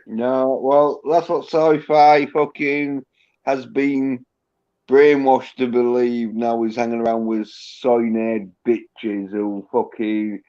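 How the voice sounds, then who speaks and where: A man's voice: mid-range voice, little pitch movement, slow pace, warm tone, lo-fi sound. A man hosting a livestream, blunt and heavily profane in casual chat. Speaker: livestream host.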